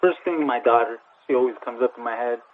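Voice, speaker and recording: A man, a professional boxer, answering interview questions in a quick, earnest way and often repeating words as he starts a thought. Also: mid-range voice, a crowd in the background. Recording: tinny phone-like radio sound, dry.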